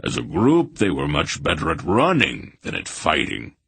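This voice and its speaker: A man voicing a big, hearty male warrior who rumbles out his boasts about a street fight. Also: wildly swooping pitch, normal speed, gravelly, a bit bright, slightly rough, dry recording, heavily acted. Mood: boastful.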